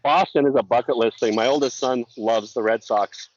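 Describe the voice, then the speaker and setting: A man's voice: mid-range voice, steady tone, moderate pace, no room sound. A middle-aged man calling in as a guest, a law enforcement officer from Montana, chatting casually in an earnest way and often repeating his words. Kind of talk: casual chat. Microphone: remote call-in. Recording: slightly dull call audio with faint noise.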